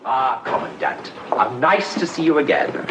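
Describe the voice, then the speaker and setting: Actor playing a polite insistent traveller, lively pitch, noisy old TV audio. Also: male voice, a little slow, lightly acted. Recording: archive TV clip with background noise.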